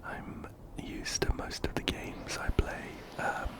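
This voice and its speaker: Soft whispering man, close-up ASMR. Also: slow. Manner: soft, gentle, chatty whispers. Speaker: ASMR gaming host. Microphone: binaural ear-to-ear mic.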